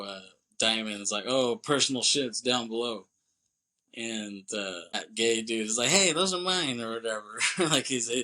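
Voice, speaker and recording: A man's voice: mid-range voice, pushed and bright, rough recording. A young man on a podcast, casually retelling a movie plot in a rambling way and briefly voicing the characters. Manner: rambling retelling, quoting characters with quick voice shifts. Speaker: podcast co-host.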